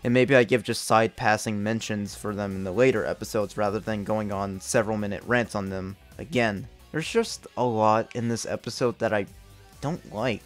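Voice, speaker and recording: A man's voice: lowish voice, normal speed, faint music behind. A young man reviewing his own old video game reviews in a candid, self-critical, casual way, swearing often. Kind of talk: casual retrospective commentary.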